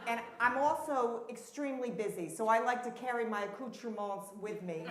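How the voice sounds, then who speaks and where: This comic performer, her voice on the high side and her pace moderate, plays a flustered, effusive therapist at a live event in a temple hall. Holding a handheld mic on stage, she rambles with many restarts while the roomy space fills with audience noise and laughter.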